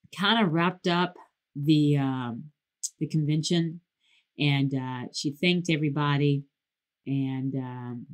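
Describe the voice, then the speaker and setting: A woman from Detroit who hosts a podcast, telling a casual story and acting out quotes in a lively voice. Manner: animated, acts out quotes in a lively higher voice. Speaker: podcast host.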